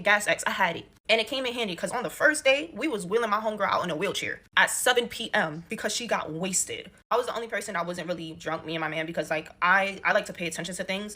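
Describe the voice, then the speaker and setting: A young woman spilling a story at a rapid clip, slangy and indignant. Her voice is bright and forward. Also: mid-range voice. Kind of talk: casual storytime gossip.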